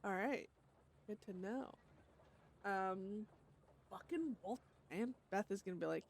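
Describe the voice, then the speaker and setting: A woman's voice: mid-range voice, slow, long pauses. A woman streaming a roleplay game, chatting casually, laughing often and swearing as she reads in-game letters aloud.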